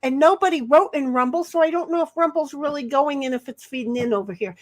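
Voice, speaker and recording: Casual livestream host, female, fairly high voice, rambling chatty delivery reading viewer comments. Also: quick pace. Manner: rambling, reads chat messages aloud, frequent restarts. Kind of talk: casual chat.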